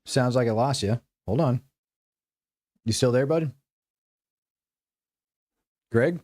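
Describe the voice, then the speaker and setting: A man hosting a casual call, relaxed, asking probing questions and giving brief replies. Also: medium pitch, slow pace, dry recording, studio quality. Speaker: host. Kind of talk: casual chat.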